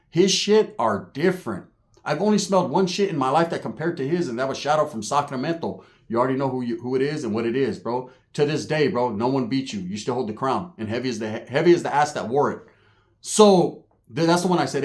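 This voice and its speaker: Man, casual profane storytelling, fairly high voice, lively, jokey. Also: fairly quick. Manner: animated, jokey, swings between loud and hushed. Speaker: storyteller recalling prison time.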